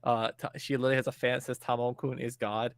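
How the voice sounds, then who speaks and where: A man's voice: mid-range voice, little pitch movement, fast, dry recording. Laid-back man recapping a show, dry sound. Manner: rambling, laughing, swears freely. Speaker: podcast co-host.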